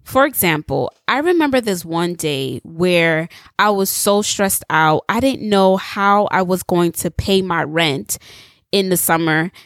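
A woman's voice: fairly low pitch, unhurried, no echo. Woman preacher testifying, dry close sound. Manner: animated storytelling, acts out dialogue; addresses listeners directly with rhetorical questions. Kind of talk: testimony sermon.

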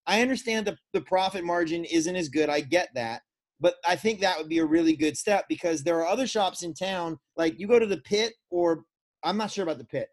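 A young Florida man co-hosts a casual podcast with a slightly raised voice. He tells surf stories with plenty of life and slips into the voices of the people he quotes. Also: high voice. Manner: animated storyteller who acts out quoted voices. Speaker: podcast co-host. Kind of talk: casual chat, storytelling.

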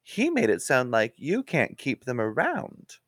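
A man's voice: medium pitch, huge pitch swings, unhurried, a bit bright, dry recording, studio quality. A man voicing a sweet, fussy woman police trainee who keeps calling people dear. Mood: chirpy. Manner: calls everyone dear, chirpy.

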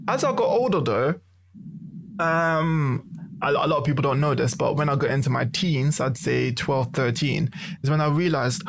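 Animated young man telling stories. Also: a little high, fairly quick. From London. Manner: animated storyteller, swears freely. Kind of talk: casual chat.

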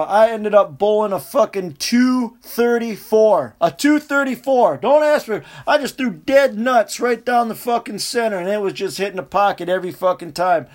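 Dude, high-ish voice, swearing nonstop through a story. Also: male voice. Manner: profane, animated, laughing storyteller. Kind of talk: casual rambling anecdote.

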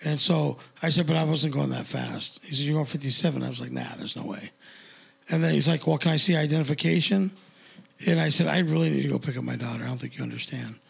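A man's voice: mid-range voice, fast talker, vocal fry, slightly rough. A middle-aged man in casual chat, telling a story bluntly and with lots of swearing. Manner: profane, blunt, animated retelling.

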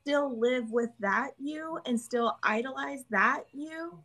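A woman in a live-stream conversation, speaking in an animated way and coaching herself aloud in quoted inner voices. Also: high voice, slow pace, poor audio.

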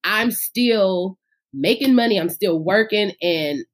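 A woman's voice: medium pitch, lively intonation, takes it slowly. A woman in her thirties, a singer talking about her faith and career in a casual podcast interview, speaking with fervor. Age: 30s.

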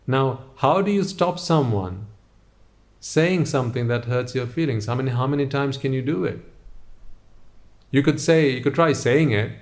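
A man's voice: mid-range voice, moderate pace. A man giving a motivational talk, speaking straight to the listener with a stream of rhetorical questions.

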